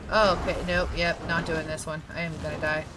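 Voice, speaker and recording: A woman's voice: low-pitched, level tone, fairly quick, heavy background noise. A woman vlogging casually while she plays a game, rambling and laughing often. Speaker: gaming vlogger. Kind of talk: casual chat while playing. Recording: faint game music behind.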